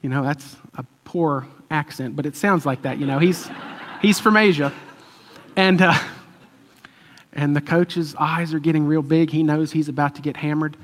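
A man's voice: a little high, steady tone, moderate pace, a little hiss or hum. A man preaching a conversational sermon, telling a story loosely with fillers and chuckles. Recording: long hall reverb.

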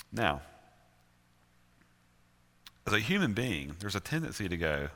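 A man's voice: fairly low pitch, wildly swooping pitch, measured pace, long pauses, bright, forceful tone. A male pastor with a Southern US accent preaching a sermon earnestly, with emphatic repetition. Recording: reverberant church hall.

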